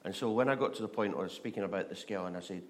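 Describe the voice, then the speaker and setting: A Scottish man with a low-sitting voice preaches a chatty, humorous sermon very fast. He fills it with stories and questions put to the audience.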